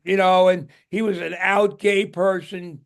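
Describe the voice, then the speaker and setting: A man's voice: high voice, little pitch movement, measured pace, creaky. An older man, a guest musician, tells stories in a casual interview, rambling and restarting his words.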